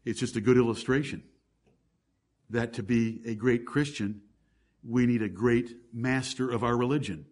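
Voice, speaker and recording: A man's voice: medium pitch, normal speed, darkish tone. A man preaching a sermon as pastor, emphatic, with rhetorical questions and lists of scripture examples.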